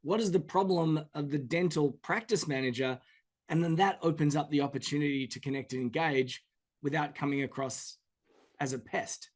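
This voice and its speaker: A male podcast host speaks at normal speed in a fairly high register. In a relaxed interview, he animatedly acts out examples to illustrate what he means.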